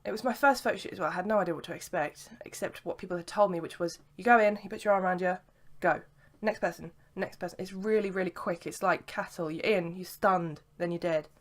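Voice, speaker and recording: A woman's voice: lowish voice, quick pace, hardly any pauses. A young woman telling a long story to camera in a casual vlog, rambling with lots of "sort of" and "like". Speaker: vlogger. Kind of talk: casual chat.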